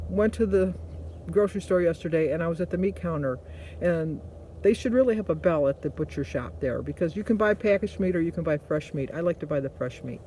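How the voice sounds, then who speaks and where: A woman's voice: lowish voice, a little mellow, a little hiss or hum. A woman hosting a vlog, chatting casually and motivationally, rambling through stories and correcting herself. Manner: rambling storytelling with self-corrections. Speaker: vlog host.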